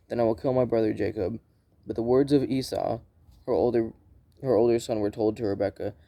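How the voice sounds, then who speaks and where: Gravelly dark-voiced man reading scripture. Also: on the low side, no room sound. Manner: plain unhurried reading with frequent restarts and self-corrections. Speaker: Bible reader.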